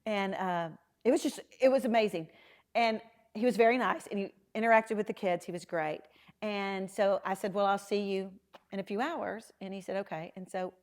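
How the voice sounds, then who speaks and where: A middle-aged woman, a podcast guest telling lively stories and acting out the voices of the people in them. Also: mid-range voice. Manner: animated storyteller, acting out quoted dialogue. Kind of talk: storytelling in a casual interview.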